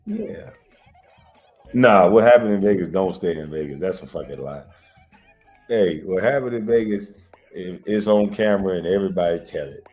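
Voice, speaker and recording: A man's voice: low voice, moderate pace, pauses often, faint music behind. A man telling wild stories in a casual chat, laughing often and swearing freely. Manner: loud, laughing, swearing storyteller. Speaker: show host.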